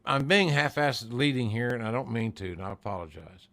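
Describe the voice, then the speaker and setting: A man's voice: mid-range voice, animated, a little fast, fairly bright tone. An older man hosting a podcast interview, telling stories in a folksy, salty manner. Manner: folksy, salty, chuckling storyteller. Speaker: podcast host. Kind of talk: casual interview chat.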